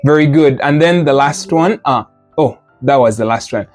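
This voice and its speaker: A man's voice: medium pitch, moderate pace, faint music behind. Patient man teaching pronunciation drills. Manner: patient, demonstrates sounds with repetition and drills. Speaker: language teacher. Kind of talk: classroom lesson.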